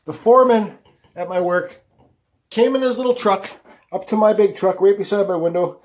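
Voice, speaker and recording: A man's voice: high-pitched, moderate pace, darkish tone. A man hosting a woodcarving vlog, talking casually to the camera in a blunt, rambling way and swearing freely. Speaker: woodcarving channel host.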